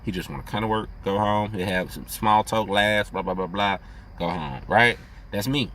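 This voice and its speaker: Profane, animated man musing on astrology. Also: lowish voice, normal speed, slight background noise. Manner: profane, animated, rambling, laughs often. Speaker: astrology vlogger. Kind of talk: casual monologue.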